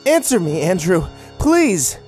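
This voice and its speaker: A man voicing a panicked young woman in a storybook horror tale, raising his voice high and pleading. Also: sing-song, rapid-fire, a little mellow, soft background music.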